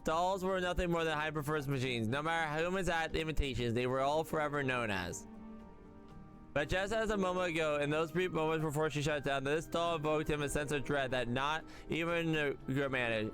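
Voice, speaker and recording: A man's voice: a little high, fairly bright tone. A man streaming a game, reading its dialogue and narration aloud with frequent stumbles and self-corrections. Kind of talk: casual reaction stream, reading text aloud. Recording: faint music underneath.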